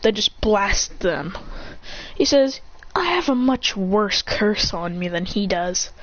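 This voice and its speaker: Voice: medium pitch, expressive, takes it slowly, fairly bright tone, no echo. Rambling lo-fi fan storyteller. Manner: rambling, restarts often, acts out characters' lines. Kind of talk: casual fan story narration. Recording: dull lo-fi recording with faint hiss.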